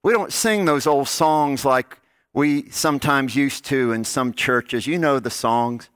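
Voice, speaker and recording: A man preaching a sermon, telling stories and dropping to soft, low tones on key lines. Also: measured pace, smooth, no room sound. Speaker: pastor.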